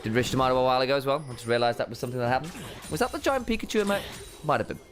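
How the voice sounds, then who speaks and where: A man casting a pro game with quick play-by-play calls and silly, rambling asides. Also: medium pitch, expressive. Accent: English. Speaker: esports caster. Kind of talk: play-by-play esports commentary. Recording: music bed under the voice.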